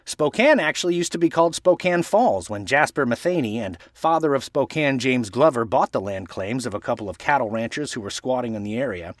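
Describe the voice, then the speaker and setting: A man from Washington state hosting a podcast, reading a script playfully and spelling out place names slowly to correct how they are said. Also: mid-range voice, animated, no room sound, studio quality. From Washington state, USA. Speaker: podcast host.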